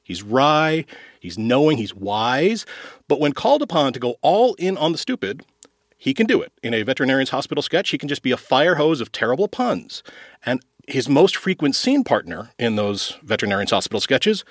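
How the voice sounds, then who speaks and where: A man's voice: mid-range voice, very animated, moderate pace, dry recording, studio quality. A man co-hosting a podcast, joking in a wry, comic way. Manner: wry, comic delivery with sudden jumps. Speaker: podcast co-host. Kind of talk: casual chat.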